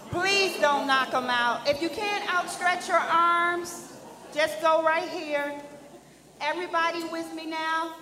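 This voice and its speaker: A woman guiding a group through an affirmation, soothing at first, then calling out loudly. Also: very high-pitched, takes it slowly, a little hiss or hum. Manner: soothing guidance that swells to loud calls. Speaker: guest speaker leading an affirmation. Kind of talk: guided affirmation in a sermon. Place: church or hall. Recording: roomy hall with long reverb, faint ambience.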